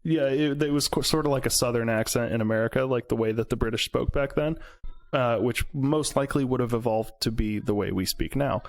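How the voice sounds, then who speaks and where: A man from central Indiana in a loose podcast conversation with friends. He rants with animation and laughs at his own points. His voice sits at an ordinary pitch. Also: fairly quick. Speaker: podcast co-host. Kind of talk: casual chat.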